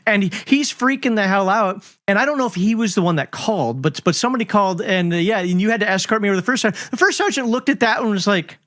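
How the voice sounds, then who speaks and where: A man in his fifties hosts a relaxed interview and tells old stories with laughs and the odd curse. His voice sits fairly high. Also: quick pace, hardly any pauses. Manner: animated storyteller, laughing and swearing freely. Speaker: host. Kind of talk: casual reminiscing interview.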